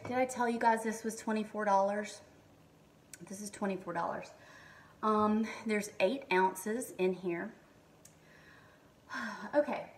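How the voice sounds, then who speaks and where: A middle-aged woman with a drawl talks through a beauty haul in her kitchen, gushing and stopping for ums as she reads product labels aloud. Her voice is mid-pitched and sits a little away from the mic. A faint hiss stays under the whole recording. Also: takes it slowly, pauses often, distant mic. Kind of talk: casual haul and unboxing chat. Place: home kitchen.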